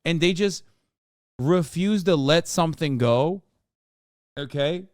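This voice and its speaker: Guy streamer in his 30s ranting at clips, smooth clear voice, bit higher than most, dead dry sound. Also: takes it slowly, dry recording. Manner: ranting, mocking, exasperated. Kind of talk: casual profane reaction commentary.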